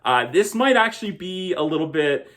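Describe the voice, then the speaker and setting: Here a man with a fairly high, expressive voice reviews a movie on his show at normal speed. His tone is fairly bright, and he keeps things conversational and chatty, with the occasional laugh.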